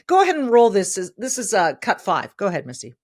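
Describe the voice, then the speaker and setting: A woman's voice: mid-range voice, wildly swooping pitch, fairly quick. A middle-aged woman hosting a podcast, delivering emphatic opinion commentary and repeating phrases for stress. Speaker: podcast host.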